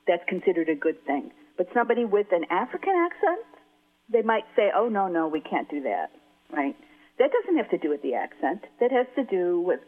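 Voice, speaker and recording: A language expert arguing assertively in an interview. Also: medium pitch. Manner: assertive, argumentative. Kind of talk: opinionated interview talk. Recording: phone-like narrow band.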